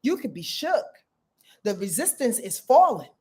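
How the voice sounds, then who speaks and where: A woman's voice: on the high side, big pitch swings, measured pace, dark tone, slightly rough. A woman astrologer giving a casual weekly talk in a blunt, emphatic manner, with profanity.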